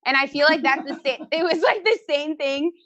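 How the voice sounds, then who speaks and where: Loud, giggly young woman comic. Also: sits high, brisk, no room sound, muffled recording. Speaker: stand-up comedian. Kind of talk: online stand-up set. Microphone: handheld mic held to a phone.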